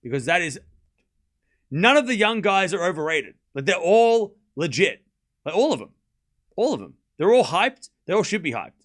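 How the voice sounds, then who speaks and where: A man hosting a live tennis watchalong stream, calling points with excitement and chatting casually and bluntly with his viewers. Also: high voice, moderate pace. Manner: excited play-by-play, then ranting casually at chat. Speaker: stream host and tennis commentator. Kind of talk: live watchalong commentary with chat.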